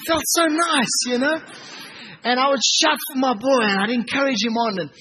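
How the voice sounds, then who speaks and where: A man in his thirties, a pastor preaching a sermon and telling family stories with lively, acted-out dialogue. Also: very high voice, moderate pace, a little hiss or hum, rough recording. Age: 30s. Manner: animated storytelling, acting out family dialogue.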